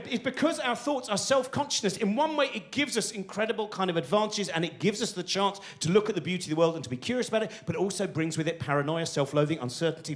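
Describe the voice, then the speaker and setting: A man performs stand-up live on a big theatre stage, rambling excitably and slipping into the voices of his own thoughts. His voice sits high and leaps all over the place. The hall rings around him, with laughter from the crowd. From England. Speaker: stand-up comedian. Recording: roomy live theatre sound. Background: audience laughter.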